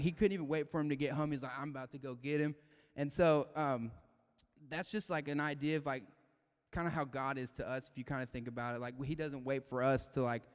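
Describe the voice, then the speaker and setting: A man's voice: medium pitch, smooth. Chatty young man in a reverberant hall. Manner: casual, animated, constant "like" fillers. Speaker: youth speaker. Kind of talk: casual youth devotional talk.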